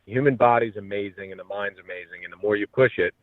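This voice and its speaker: A man talks earnestly and motivationally as a guest on a radio interview. His voice sits a little low and arrives over a tinny phone line. The sound is dry, with no room around it. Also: fast talker, no echo.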